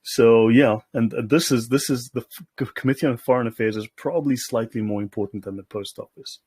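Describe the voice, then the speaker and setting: The host's mid-range voice is a little mellow and slightly rough, fairly quick, with no echo. He goes through documents aloud, tossing out casual sardonic commentary and repeatedly checking in with "okay?".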